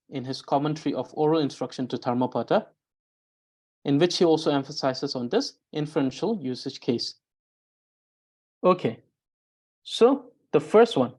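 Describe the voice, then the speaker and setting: A woman with a low voice that rises and falls a lot is teaching a grammar lesson. She explains each point carefully, pausing with "uh" and restarting phrases, and now and then reads out example sentences. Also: darkish tone, slightly rough. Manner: explains slowly with frequent "uh" pauses and restarts. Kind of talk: recorded language lesson.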